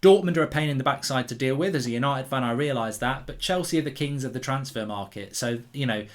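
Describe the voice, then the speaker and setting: A man hosting a football channel, talking through transfer news in an animated, opinionated way, thinking aloud. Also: mid-range voice, fast talker.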